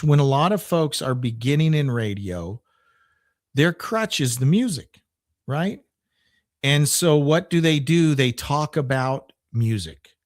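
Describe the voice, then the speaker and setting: A man coaching new radio hosts in a casual, conversational way, leaning hard on his points and drifting into asides. His voice sits a little high for a man. The recording is dry and close, with no room sound. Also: dry recording. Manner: conversational, emphatic, thinks aloud with asides. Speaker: radio coach and station owner. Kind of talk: casual instructional talk.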